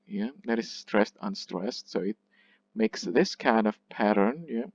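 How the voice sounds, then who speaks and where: A man lecturing on poetic meter, speaking slowly and deliberately, often checking in with "yeah?" and correcting himself as he explains. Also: lowish voice, no room sound, muffled recording. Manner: slow, deliberate, exaggerates stress when reading lines aloud. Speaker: literature lecturer.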